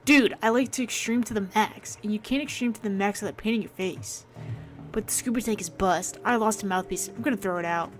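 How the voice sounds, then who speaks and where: A woman's voice: mid-range voice, a little fast, close to an everyday voice. Brief: woman playing a chill surfer priest in a mystery game, upbeat, full of dude and bro slang. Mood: stoked.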